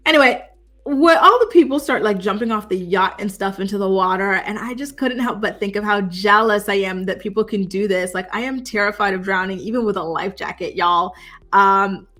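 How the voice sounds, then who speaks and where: A woman's voice: mid-range voice, brisk, fairly bright tone. A chatty woman talks straight to her viewers in a loose, gossipy way. She jumps between topics and leans on many "like"s in everyday commentary. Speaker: recap commentator. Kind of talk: casual chat.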